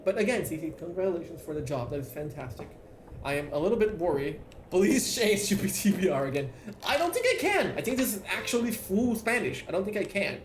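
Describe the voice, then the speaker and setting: A man, a Portuguese speaker, chatting excitably and swearing freely as he streams a game and reads chat aloud. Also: sits high, brisk, slight background noise. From Brazil. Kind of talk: casual live-stream chat while playing. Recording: roomy echo, faint game music.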